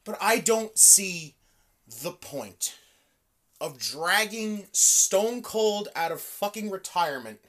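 A fairly low-voiced woman talks through a casual podcast, her pitch leaping up and down. She rants with heavy swearing, swinging from drawn-out stresses to rapid bursts. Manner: profane, animated, ranting. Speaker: podcast co-host. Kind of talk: casual wrestling chat.

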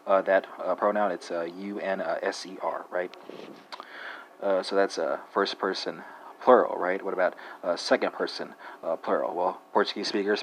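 Deep-voiced man teaching languages, halting. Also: a little hiss or hum, poor audio. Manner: halting, many "uh" fillers, keeps asking "right?". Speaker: language podcast host. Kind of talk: unscripted language lesson monologue.

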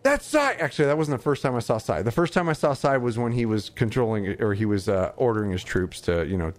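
Excitable man chatting on a podcast. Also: lowish voice, fast. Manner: excitable, lots of fillers and quoted reactions. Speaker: podcast co-host. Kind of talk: casual chat.

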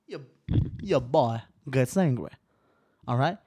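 A man in his twenties talking alone on his podcast, rambling and swearing, restarting sentences, swinging between quiet musing and riled-up ranting. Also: mid-range voice, expressive, takes it slowly, no room sound, studio quality. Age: 20s. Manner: profane, rambling, restarts often. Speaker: solo podcaster.

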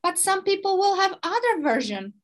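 A high-pitched woman leads a podcast as a spiritual teacher, speaking in a loose, conversational way. She leans hard on key words and stretches them out for emphasis. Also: low-quality recording. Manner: emphatic, expressive, drawn-out stresses.

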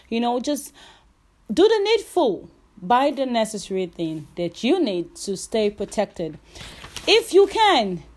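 Recording at home during lockdown, a woman hosts a casual solo podcast. Her voice sits at medium pitch with a darkish tone, and she chats away, laughing often and drawing out her advice.

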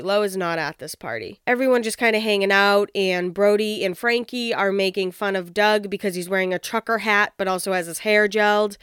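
A woman's voice: medium pitch, a bit bright, clean tone, no echo, studio quality. A woman casually recapping a reality show, blunt and opinionated, swearing and laughing as she talks.

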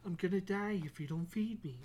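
A man's voice: high-pitched, brisk, a little mellow. A man voicing a bossy foul-mouthed house cat. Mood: whiny. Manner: demanding, nagging, sarcastic.

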